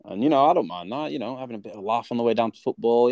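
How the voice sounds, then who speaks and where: A man's voice: medium pitch, rapid-fire, a little mellow, dry recording. A man co-hosting a casual chat, telling a grumbling story with lots of restarts. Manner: rambling, stammers, grumbling. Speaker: podcast co-host.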